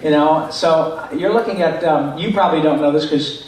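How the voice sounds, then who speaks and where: A man, a voice actor, answering fan questions at a convention panel in an animated way, now and then slipping into character voices. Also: a little high, moderate pace. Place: large echoey convention hall. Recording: echoey hall picked up from far off.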